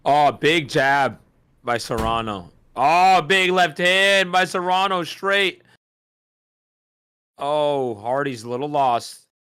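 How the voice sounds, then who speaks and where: A man calling a boxing match on a casual watch-party stream, excitable and slangy, laughing often. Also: fairly high pitch, takes it slowly, clean tone, no echo. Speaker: host doing fight commentary.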